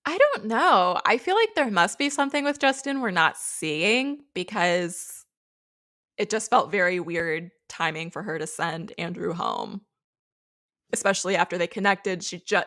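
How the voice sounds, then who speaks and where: A woman co-hosting a podcast, recapping a reality show in casual, chatty storytelling. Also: on the low side. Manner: chatty, animated storytelling with acted quotes. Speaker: podcast co-host.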